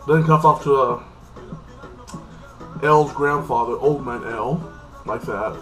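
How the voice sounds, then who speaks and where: A man's voice: medium pitch, slow, a bit bright, soft background music, low-quality recording. A man giving a loose, rambling recap of a TV episode, stacking up filler phrases as he goes. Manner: loose, repetitive, heavy on "like this" fillers. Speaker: TV episode reviewer.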